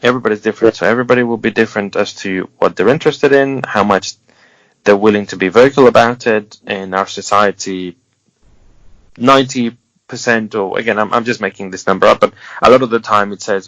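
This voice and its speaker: A man's voice: on the low side, brisk, a bit bright, no echo. A man speaking as an interview guest, giving earnest, encouraging advice with wry humor and some restarts. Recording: dull lo-fi sound, dry.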